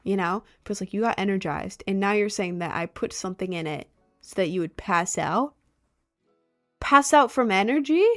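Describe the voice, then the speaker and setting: A young woman in casual storytime chat, animated and exasperated, sometimes slipping into mock voices of others. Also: fairly low pitch, brisk, faint music behind. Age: young adult. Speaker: vlogger.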